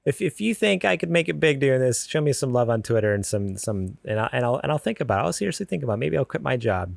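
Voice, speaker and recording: A man's voice: medium pitch, sing-song, quick pace, vocal fry, dry recording. A man co-hosting a podcast, talking casually in his garage, with lots of fillers and restarts. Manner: rambling, frequent fillers and restarts. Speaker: podcast co-host. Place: home garage with door open.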